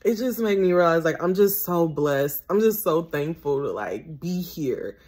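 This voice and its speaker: Young adult woman, host, casual reflective monologue, candid and rambling, repeats phrases, voice lifts when emotional. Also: low voice. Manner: candid, rambling, swears freely, repeats herself; emotional, voice rising as she gets worked up. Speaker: podcast host and tarot reader.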